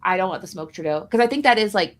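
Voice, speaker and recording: A female co-host's animated, medium-pitched voice comes fast as she chats casually on a live stream about a card game. She rambles and puts herself down with a jokey edge.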